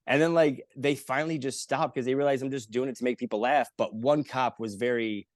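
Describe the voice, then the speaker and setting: A man of middle pitch tells his stories in a loose, jokey way and slips into the voices of the people he quotes. He swears casually as he goes. The recording is dry and close, with no room sound. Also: a little fast, no room sound. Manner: animated, jokey storyteller who acts out the people he quotes, with frequent swearing. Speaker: comedian guest. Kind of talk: casual storytelling in an interview.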